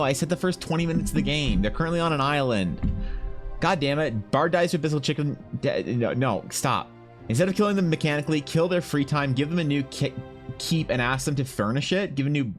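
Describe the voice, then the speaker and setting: Rambling man chatting on stream. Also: mid-range voice. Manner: rambling, thinking aloud, answering chat. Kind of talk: casual chat with stream viewers.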